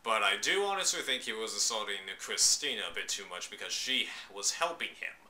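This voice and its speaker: A man's voice: fairly low pitch, sing-song, a little fast, bright, forceful tone. A man giving his opinions in a casual, chatty vlog, loose and slangy, with bursts of exclamation. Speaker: vlogger reviewing a reality show.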